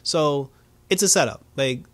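A man's voice: a little high, a little slow, no room sound. Man casually recapping an episode. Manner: loose, lots of fillers, laughs often, acts out quotes. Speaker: show reviewer.

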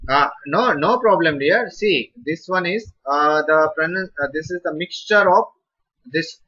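An encouraging Indian English teacher guides students through pronunciation, calling on them by name and praising each answer. His voice is bright and forceful, and he speaks slowly. The recording sounds dull and lo-fi. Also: a little high, breathy edge. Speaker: Sanskrit teacher. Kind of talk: live online class teaching.

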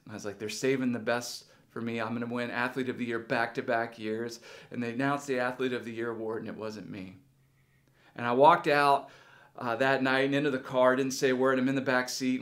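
A man's voice: medium pitch, a bit bright. A middle-aged man, a pastor, telling a personal story in a sermon with earnest, rising feeling.

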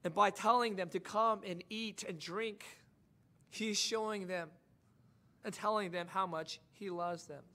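Male pastor, high bright voice, impassioned sermon delivery with soft asides and swelling emphasis. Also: fairly even intonation, measured pace.

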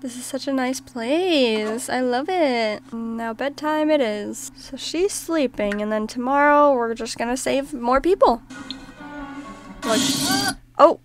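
A woman's voice: high-pitched, takes it slowly, faint music behind. A woman hosting a casual let's-play, chatting and reacting aloud to her game. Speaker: gaming channel host.

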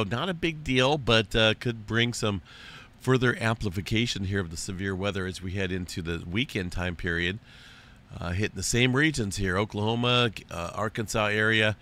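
A hoarse man who keeps fighting a cough, giving a casual weather update in a folksy, easygoing way. His voice sits on the low side but comes across bright and forceful. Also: brisk. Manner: folksy and loose, calls viewers folks. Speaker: host of an earthquake and weather update channel.

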